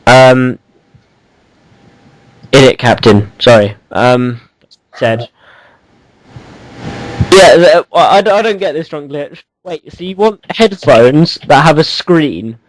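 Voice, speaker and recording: Guy on a home mic rambling through a gaming podcast, teasing, lots of ums, mid pitch, dry sound. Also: expressive, takes it slowly, long pauses, no room sound, low-quality recording. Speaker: podcast co-host. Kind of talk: casual gaming podcast chat.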